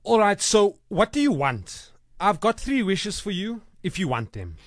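A man's voice: sits high, big pitch swings, measured pace, no echo. A man playing a gushing female pop star who becomes a genie. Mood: sassy. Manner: breathless, over-the-top gushing.

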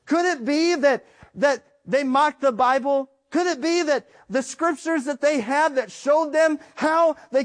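High voiced guy preaching hard, lots of questions thrown at the crowd. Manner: emphatic, rhetorical questions. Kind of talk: sermon.

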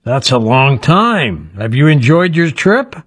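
Lively-voiced male radio host. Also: medium pitch, takes it slowly, husky, dry recording. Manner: teasing, quizzing the guest. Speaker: radio talk show host. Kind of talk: playful radio interview.

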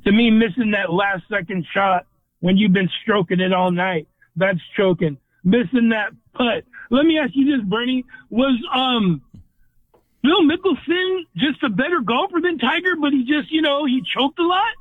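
High-voiced man on a tinny phone line. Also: expressive, normal speed, no room sound. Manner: opinionated, argumentative. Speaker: regular caller. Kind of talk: phone-in sports debate.

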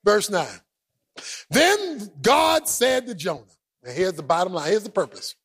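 Preacher, high and husky, big swings in pitch, loud colloquial delivery. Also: male voice, very animated, measured pace. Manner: exclaiming, colloquial, acts out the scripture, often shouts. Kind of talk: animated sermon.

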